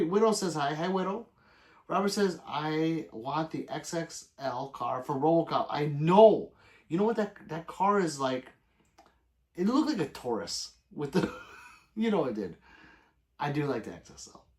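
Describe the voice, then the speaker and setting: A man's voice: fairly high pitch, lively intonation, moderate pace, a little mellow. A man hosting a livestream, reading viewer comments aloud in loose, profane casual chat and plugging subscriptions. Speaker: livestream host.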